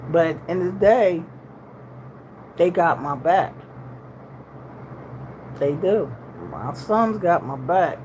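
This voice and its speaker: A woman in her sixties chatting casually with her livestream viewers, relaxed and drawling with slangy everyday grammar, talking in a steady middle pitch over faint room noise. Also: slow pace, pauses often, poor audio. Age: 60s. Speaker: livestream host.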